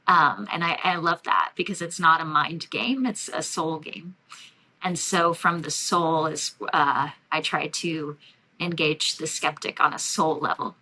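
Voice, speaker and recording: A woman energy healer talking in a relaxed podcast interview, reflective and loose, with many fillers and light laughs. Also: low voice, low-quality recording. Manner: warm, reflective, frequent fillers and soft laughs. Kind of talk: casual interview talk.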